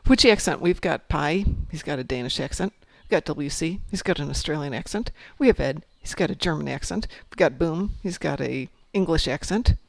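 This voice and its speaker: A man with a raised, gravelly voice hosts a gaming stream, rambling through chat messages and side stories. The sound is close and dry, with no room around it. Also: a little high, lively intonation, moderate pace, a little mellow, dry recording. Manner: chatty, reads out chat messages, rambling asides. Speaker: streamer host.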